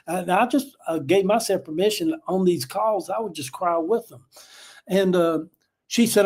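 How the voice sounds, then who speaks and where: With a highish, slightly rough voice and lively intonation, an older man chats casually on a livestream at a moderate pace. He tells folksy, emotional stories and keeps saying "y'all" to his viewers.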